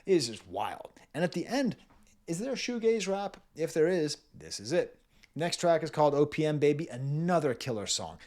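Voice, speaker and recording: A man's voice: on the high side, very animated, moderate pace, darkish tone. A man giving a casual spoken music review, thinking aloud with frequent fillers, restarts and chuckled asides.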